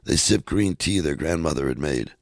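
A man reading a storybook aloud in a measured, steady way. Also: a bass voice, no echo, studio quality. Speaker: narrator.

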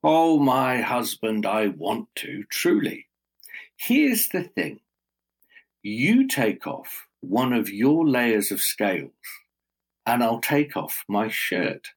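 A man's voice: medium pitch, sing-song, slow pace, full character voice. A man voicing a sly young shepherdess bride in a spoken folk tale, talking in a coaxing, teasing way with a lifted voice.

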